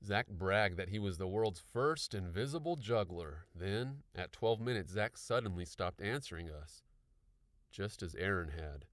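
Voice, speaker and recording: A man narrating an audiobook with expressive storytelling. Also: sits low, unhurried, dry recording, studio quality.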